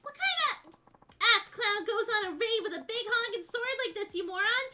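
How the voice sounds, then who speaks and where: A woman voicing a tough, foul-mouthed male brawler from a video game, talking in a gruff, cocky way as she reads the dialogue aloud. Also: very high-pitched, very animated, normal speed, bright, forceful tone, a little hiss or hum, full character voice.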